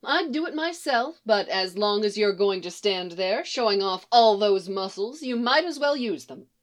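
A blunt older farm mother, brisk and dry, scolding with no patience for nonsense, as a woman reader voices her. The voice stays close to an everyday storytelling tone. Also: mid-range voice, animated, close to an everyday voice.

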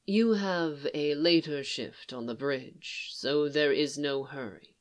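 A reader voicing a composed, formal male alien admiral who speaks in a measured, low and quiet way. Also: lightly acted. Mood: calm, formal.

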